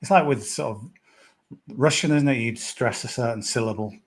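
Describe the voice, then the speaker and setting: A man's voice: mid-range voice, moderate pace, slightly rough. A man with a middling voice talks through golf tips in an easygoing podcast chat. He meanders, trails off and restarts, and pads his thoughts with fillers. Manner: rambling, hesitant, lots of "sort of" and "yeah". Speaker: golf betting pundit.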